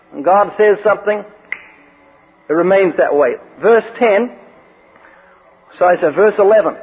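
A high-pitched man delivers a sermon, mixing scripture readings with light, joking stories. His voice is husky and comes through a thin, phone-like radio broadcast that trails off in a long reverb. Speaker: preacher.

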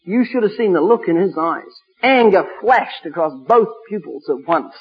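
A man preaching a sermon and telling stories from his ministry, emphatic, slowing down to stress scripture. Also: high-pitched, animated, husky. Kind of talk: sermon with storytelling. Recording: dull lo-fi recording.

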